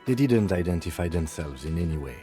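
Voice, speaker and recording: A man's voice: sits low, animated, a little fast, dark tone, faint music behind. An actor playing a methodical male police lieutenant in a video game, speaking in a composed, precise, dry way.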